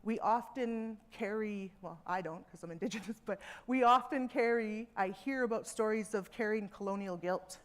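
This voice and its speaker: A woman speaking earnestly to a seminar audience from a theatre stage, measured, with emphatic repetitions. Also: mid-range voice. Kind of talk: reflective public talk.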